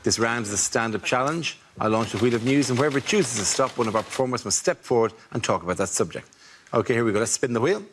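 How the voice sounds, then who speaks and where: Brisk male panel-show host. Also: mid-range voice, noisy background. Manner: brisk announcer delivery. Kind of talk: presenting a panel game.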